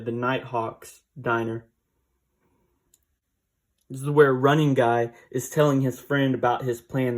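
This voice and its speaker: A man casually recapping a comic book issue, rambling with fillers and small laughs. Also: mid-range voice.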